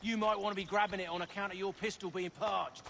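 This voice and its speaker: A slangy loot-hungry thug. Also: male voice, sits high, fairly even intonation, fast talker, vocal fry, fairly bright tone, slight background noise. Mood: gruff banter. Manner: uncouth slangy speech. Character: rough loot-hungry male street thug, middle-aged. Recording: video game cutscene with music.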